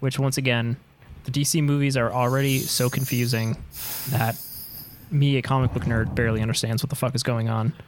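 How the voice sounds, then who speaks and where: A man's voice: mid-range voice, little pitch movement, a little fast, noisy background. A man hosting a casual chat, laughing often and steering the talk along. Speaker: podcast host.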